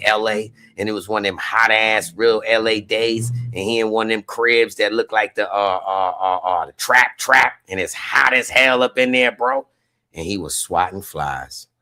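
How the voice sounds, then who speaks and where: A man's voice: fairly low pitch, bright, forceful tone. A man chatting casually on a podcast as a guest, rambling through stories in slang and laughing as he goes.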